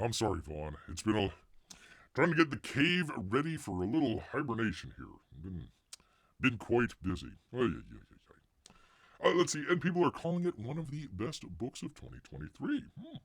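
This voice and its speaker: This comics news live stream host has a lowish, fairly bright voice, captured cleanly in the studio with no room sound. He rambles and jokes, refers to himself as Bear in the third person, and mutters asides under his breath.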